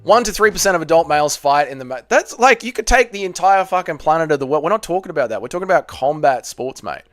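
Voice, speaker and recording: Young Aussie streamer, heated and sweary, lively upbeat pitch. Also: male voice, fast talker, soft background music. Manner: heated, ranting, profane. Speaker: streamer host. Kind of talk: live stream watch party chat.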